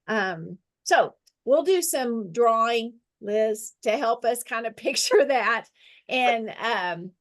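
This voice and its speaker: Slow-speaking woman leading a Bible lesson. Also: on the high side. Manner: slow, deliberate dictation, repeating phrases; friendly, laughs at herself. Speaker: Bible study teacher. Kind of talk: guided scripture lesson with drawing.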